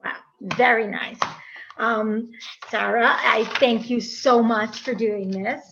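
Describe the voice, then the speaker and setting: An American woman from the United States hosts a casual podcast interview in a slightly high, gravelly voice, speaking slowly with fairly even intonation. She's chatty and gushing, full of fillers and restarts, on a dull lo-fi recording with a noisy background.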